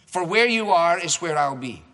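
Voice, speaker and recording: A man's voice: fairly high pitch, lively intonation, moderate pace, creaky, bright, forceful tone, full character voice. A man voicing a devoted young widow in a rhyming storybook, making earnest vows. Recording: echoey hall reverb.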